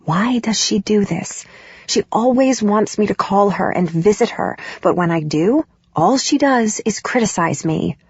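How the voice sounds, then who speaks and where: A woman reading a novel aloud in the first person, expressive and emotional in the dialogue. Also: medium pitch, a little slow, husky, no echo, muffled recording. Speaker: audiobook narrator.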